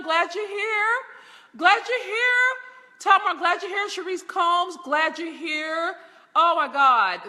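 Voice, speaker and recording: A woman's voice: very high voice, pushed and bright, long reverb tail. A middle-aged woman hosting a live stream as a business mentor, laughing often and greeting viewers by name from a large room in her home. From Baltimore.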